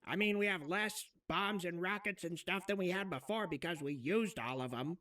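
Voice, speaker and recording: A man's voice: sits high, normal speed, sharp tone, distant mic. A man joking crudely in casual live chat.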